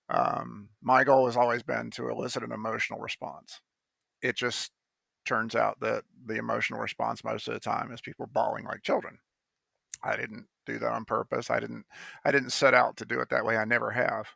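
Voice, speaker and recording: Gravelly man telling a rambling personal story. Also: mid-range voice, pushed and bright, dry recording. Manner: rambling, many fillers and restarts, blunt with some swearing. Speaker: poet telling how he wrote a poem. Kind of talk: casual spoken monologue.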